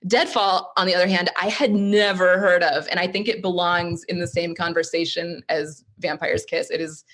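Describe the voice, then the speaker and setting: A woman's voice: lowish voice, flat delivery, normal speed, a bit bright. A woman speaking as a podcast guest, telling her picks in a casual chat. She laughs easily and often between her words. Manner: giggly, laughs often while talking. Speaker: podcast guest, film enthusiast.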